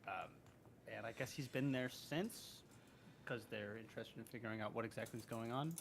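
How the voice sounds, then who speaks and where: Male player, mid-pitched, slightly slurring, rambling and self-correcting, faint background noise. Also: normal speed, creaky. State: a little drunk, slurring. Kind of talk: casual tabletop game chat.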